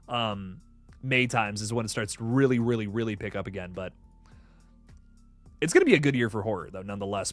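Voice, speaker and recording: A young adult man, hosting a casual live stream and chatting in an excitable, rambling way with many fillers. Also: mid-range voice, no echo. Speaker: horror news streamer.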